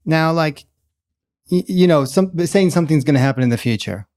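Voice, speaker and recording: A man's voice: a little high, lively intonation, normal speed, a little mellow. Man explaining with careful hedges. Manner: thinks aloud, hedging with fillers. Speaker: guest journalist. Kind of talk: casual interview answer.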